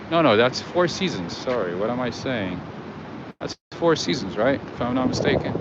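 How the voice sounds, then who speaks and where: A man from California hosting a live walking tour at night, chatting casually with his viewers and calling them friends. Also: medium pitch. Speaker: livestream host. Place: outdoors on a city street at night. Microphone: handheld livestream setup with earphones. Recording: lo-fi street stream with loud traffic noise.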